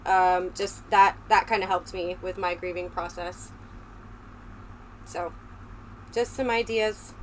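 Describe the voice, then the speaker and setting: A woman livestreamer chats casually and ramblingly with her viewers, speaking straight to the chat into a close desk microphone. Her intonation is fairly even, her pace slow, and she pauses often, with a low fan humming in the background.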